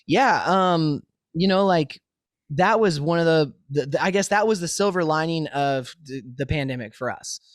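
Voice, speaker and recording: A male musician being interviewed over a remote call from his home studio, telling stories in a lively, easily laughing way. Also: fairly high pitch, moderate pace, no echo. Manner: animated storyteller, laughs easily. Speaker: musician guest. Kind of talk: casual interview chat.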